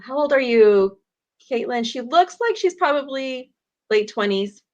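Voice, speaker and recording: A woman's voice: high-pitched, animated, unhurried, muffled recording. A woman hosting a livestream, reading viewer questions aloud and reacting with enthusiasm. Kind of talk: livestream chat.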